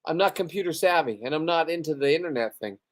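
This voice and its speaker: A man's voice: fairly high pitch, expressive, fast talker. A loose, rambling man talks straight to his viewers on a livestream, a little tipsy after a few beers. He swears freely and boasts between stray asides in a casual, unscripted way. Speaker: livestreaming spearfisherman.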